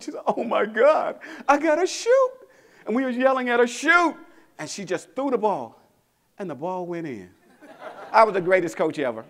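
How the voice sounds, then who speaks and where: A middle-aged man gives a motivational keynote to a convention crowd. He tells stories and acts out the quotes in them. His voice sits high and swings wildly up and down as he builds toward each punchline. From Mississippi, USA. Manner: animated storytelling, acting out quotes, rallying the crowd. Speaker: motivational speaker. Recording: convention hall.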